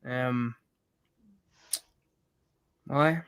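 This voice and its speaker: A man's voice: mid-range voice, drawn-out words, clean tone. A man chatting casually about films as co-host, laughing often and trailing off. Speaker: podcast co-host. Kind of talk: casual chat.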